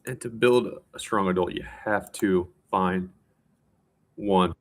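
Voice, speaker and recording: A tired man talking in a casual, rambling monologue, self-mocking and quick to restart his sentences. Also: low-pitched. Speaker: vlogger.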